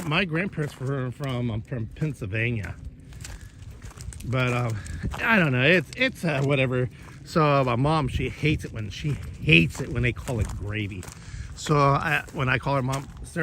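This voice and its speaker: A man's voice: mid-range voice, lively intonation, moderate pace, bright, forceful tone, a little hiss or hum. A man chatting casually while he cooks, rambling and cursing, with many restarts. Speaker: vlogger and host.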